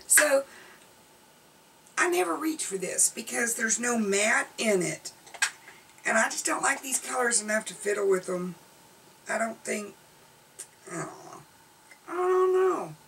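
Middle-aged Southern woman, gravelly edge, blunt and chatty, a little far from the camera mic. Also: on the low side, fairly bright tone. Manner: chatty, blunt, laughing asides. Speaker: beauty vlogger. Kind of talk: casual product review. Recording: slightly distant camera audio with faint room noise.

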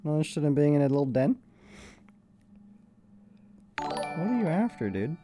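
A man streaming live, chatting casually and cooing to his puppy in a high, doting voice. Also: very animated, moderate pace, over music. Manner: coos to a puppy in a high baby voice.

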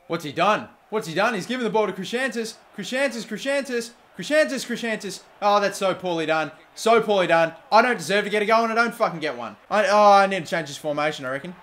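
A young man narrates his football game as he plays. His voice sits slightly high, and he keeps breaking into swearing and shouting when a chance is missed. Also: fast talker, few pauses. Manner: excitable, swears, shouts at players. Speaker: gaming YouTuber. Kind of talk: gameplay commentary.

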